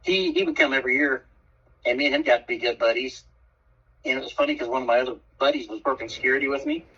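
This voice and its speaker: A man's voice: mid-range voice, quick pace, breathy edge, far from the mic. A man in casual chat, telling blunt, profane stories. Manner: blunt, profane, lively storyteller. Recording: dull, muffled sound from off the mic.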